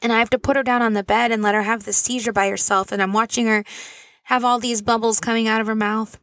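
A woman's voice: on the high side, flat delivery, fast, a bit bright, dry recording. A woman in her thirties, a mother of four, telling a personal story in an earnest, rambling way, full of asides and fillers. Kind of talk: casual storytelling to camera.

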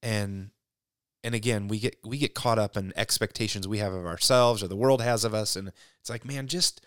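A man talking about faith in a casual conversation, reflective and halting, often restarting his sentences. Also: on the low side, clean tone, no echo, clean studio sound.

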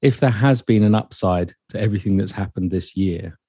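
Gentle man asking questions, dry sound. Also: on the low side, fairly quick, breathy edge, no echo. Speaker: podcast host. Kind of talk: casual interview chat.

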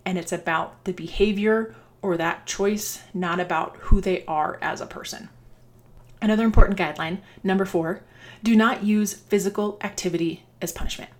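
A woman's voice: mid-range voice, moderate pace. A woman dance coach giving earnest, conversational advice to other coaches. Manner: earnest, conversational, restarts and fillers. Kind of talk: instructional talk to coaches.

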